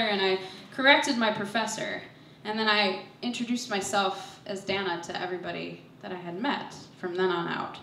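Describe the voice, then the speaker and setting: A woman's voice: mid-range voice, fairly bright tone, slight background noise. A young woman telling a personal story on stage, nervous and self-deprecating, laughing through her lines. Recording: echoey hall, voice from far off.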